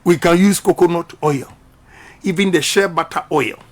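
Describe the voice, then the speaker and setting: A middle-aged Ghanaian politician speaks emphatically in a radio interview, his voice on the high side and at a normal speed. He repeats his points in a preaching style.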